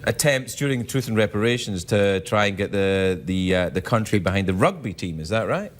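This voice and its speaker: A man's voice: lowish voice, animated, a little fast, slight background noise. A man hosting a late-night talk show in a TV studio, joking and bantering with guests, often stammering and restarting. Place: TV studio with a live audience.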